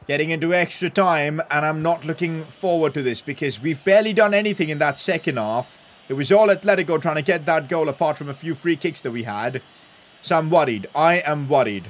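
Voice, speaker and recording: A young man doing live commentary over a football video game, calm play-by-play breaking into loud excited outbursts. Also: on the high side, normal speed, a little hiss or hum. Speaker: gaming YouTuber.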